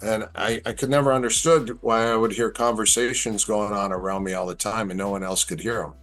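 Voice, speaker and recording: Brief: middle-aged male guest, low voice, animated storyteller. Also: brisk, soft background music. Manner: animated storyteller, acts out quoted lines. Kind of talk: casual storytelling chat.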